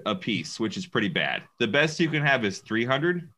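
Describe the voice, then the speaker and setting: A man's voice: mid-range voice, sing-song, a little fast, sharp tone. A man co-hosting a casual podcast chat, joking and laughing as he tells stories. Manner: joking, laughs often, storytelling. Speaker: podcast co-host.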